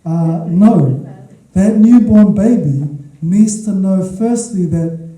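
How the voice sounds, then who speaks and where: A man's voice: sits high, slow pace, mellow, far from the mic. Emphatic male pastor, echoey hall. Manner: emphatic, repeats key points, checks in with the audience. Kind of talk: sermon.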